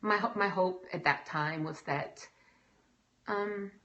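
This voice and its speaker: Woman, 30s, lowish voice, heartfelt and animated talk to an audience. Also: takes it slowly, highs cut off. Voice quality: emotional, animated, breaks into quoted voices. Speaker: speaker giving a talk.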